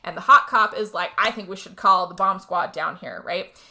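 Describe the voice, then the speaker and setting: Young woman podcast co-host, bright and forceful voice; lively, profane movie recap with acted-out lines. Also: medium pitch, normal speed. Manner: animated storytelling, swearing, acts out character lines. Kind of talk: casual chat.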